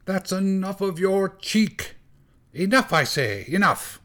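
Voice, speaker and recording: A man's voice: on the high side, lively intonation, moderate pace. A man voicing a hot-tempered young male cellist in a storybook reading, with a raised, blustering voice. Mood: furious. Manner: shouting, blustering.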